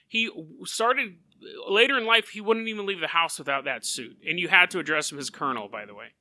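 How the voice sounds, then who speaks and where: A man hosting a casual storytelling podcast in an animated way, often laughing mid-sentence. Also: high-pitched, brisk, no echo. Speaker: podcast host.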